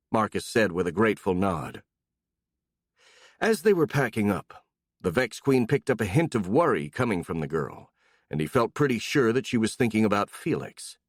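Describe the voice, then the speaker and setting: Brief: man reading fantasy audiobook, expressive, dry booth sound. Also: on the low side, moderate pace, no room sound. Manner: expressive, voices each character. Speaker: audiobook narrator. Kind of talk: scripted fantasy narration.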